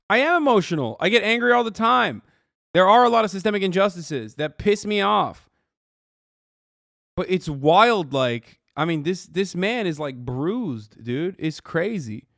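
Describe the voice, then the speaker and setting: A man's voice: sits high, expressive, unhurried, creaky, fairly bright tone, no room sound, clean studio sound. Profane, incredulous male streamer. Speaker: streamer host. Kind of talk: reaction commentary.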